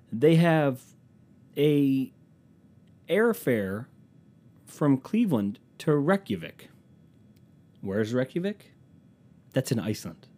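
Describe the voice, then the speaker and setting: A man's voice: medium pitch, mellow. A man telling comic stories as a podcast host in a profane, sarcastic, self-mocking casual rant. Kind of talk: casual comedic storytelling rant.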